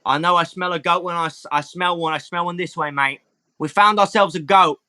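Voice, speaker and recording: Bir adamın taklit ettiği heyecanlı, kendini beğenmiş kanatlı ayaklı haydut. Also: male voice, high voice, steady tone, brisk, bright, forceful tone, clear, resonant tone, pitched above the performer's own voice. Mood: excited. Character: cocky male winged-footed rogue with a put-on accent.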